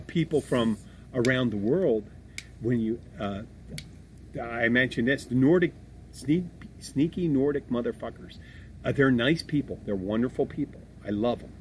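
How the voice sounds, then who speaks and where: A middle-aged man co-hosting a podcast, chatting casually in a rambling, animated way and swearing freely. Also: medium pitch, slight background noise. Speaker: podcast co-host. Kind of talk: casual chat.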